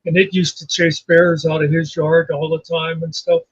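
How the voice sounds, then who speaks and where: A man telling relaxed anecdotes in a casual chat, heard over a dull remote connection. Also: fairly high pitch, moderate pace, husky, no echo.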